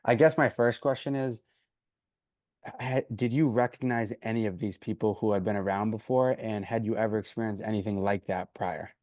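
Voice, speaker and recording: Lower-voiced male co-host, dry close mic, chiming in with reactions and laughs. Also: fairly even intonation, moderate pace, darkish tone, no room sound. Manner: reactive listener, laughs and prompts. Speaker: podcast co-host. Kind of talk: casual chat.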